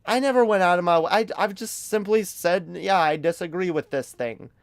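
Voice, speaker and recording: A man's voice: sits high, moderate pace, dry recording. A man streaming a heated, casual commentary rant, emphatic and profane, often stumbling over repeated words.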